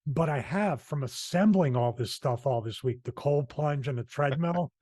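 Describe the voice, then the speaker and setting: A man's voice: on the high side, moderate pace, a little mellow, no echo, studio quality. A man with a Philadelphia accent hosting a fitness podcast, chatting casually in a rambling, self-deprecating way. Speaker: podcast host. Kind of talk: casual chat.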